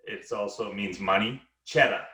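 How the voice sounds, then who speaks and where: A soft-spoken man chatting as a podcast guest in a low-key way. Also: moderate pace, roomy sound. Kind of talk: casual chat.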